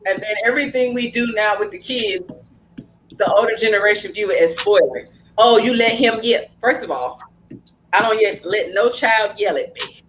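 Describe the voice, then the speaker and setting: A woman's voice: medium pitch, low-quality recording. Blunt, storytelling woman podcast host. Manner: storytelling, acting out family dialogue; frank, blunt, with mild cursing. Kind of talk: casual podcast chat.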